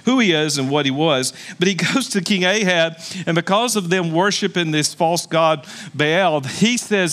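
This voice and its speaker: Lively, high-voiced male pastor preaching. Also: moderate pace. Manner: animated storytelling, laughs at his own points. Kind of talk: sermon.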